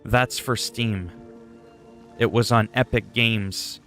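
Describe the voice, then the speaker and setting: A man rambles casually on his game stream in a low voice with a gravelly, fry-laden texture. He is goofy and self-deprecating, drifting from one thought to the next. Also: steady tone, takes it slowly, a bit bright, faint music behind. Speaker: gaming livestreamer. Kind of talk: casual livestream chat.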